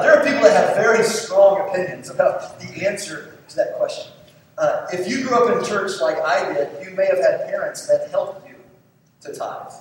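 A man preaches a sermon in a lively, conversational way, often throwing questions to the congregation. His voice sits fairly high. It echoes heavily through a large church and sounds distant from the mic, with faint noise behind it. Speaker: pastor. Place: church sanctuary.

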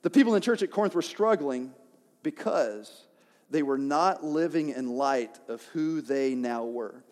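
A man's voice: mid-range voice, measured pace, darkish tone. A young man preaching a sermon in a church, talking animatedly and asking the congregation questions. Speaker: pastor. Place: church sanctuary. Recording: long reverb of a church hall.

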